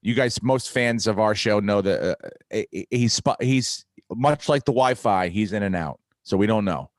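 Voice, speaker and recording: A man's voice: fairly low pitch, moderate pace, no echo, studio quality. A middle-aged man, a podcast host, telling a comic story in casual chat, swearing freely and acting out the people in it. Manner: profane, animated, acts out dialogue.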